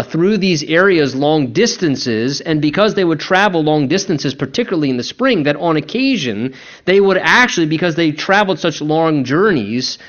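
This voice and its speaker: A man preaching a conversational sermon as a pastor, acting out quoted voices as he goes. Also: on the high side. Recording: dull lo-fi recording.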